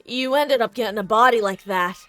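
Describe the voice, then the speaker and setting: A woman voicing a guilt-stricken athletic young woman, apologizing in halting, stammering phrases. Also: a little high, fairly bright tone, no room sound, faint music behind, natural voice. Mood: remorseful. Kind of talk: reading game dialogue aloud with voices.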